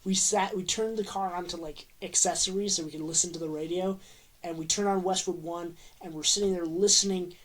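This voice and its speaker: A young adult sports fan ranting to camera, rambling and excitable, with a steady stream of "like" fillers. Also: medium pitch. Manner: rambling and excitable, heavy use of "like". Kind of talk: casual rant to camera.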